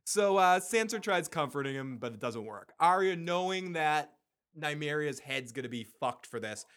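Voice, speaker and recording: Animated, profane man recapping a show. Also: fairly high pitch, normal speed, smooth. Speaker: podcast co-host. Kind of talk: casual episode recap.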